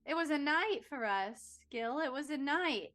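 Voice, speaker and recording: A woman's voice: sits high, lively intonation, unhurried, fairly bright tone. A woman speaking earnestly and in a rambling way as a player in a tabletop game. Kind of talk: in-character chat in a tabletop game.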